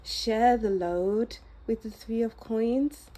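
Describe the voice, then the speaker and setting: A woman giving a pick-a-card tarot reading in a soft, musing, unhurried way that often sinks to a low near-whisper. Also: background noise. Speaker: tarot reader.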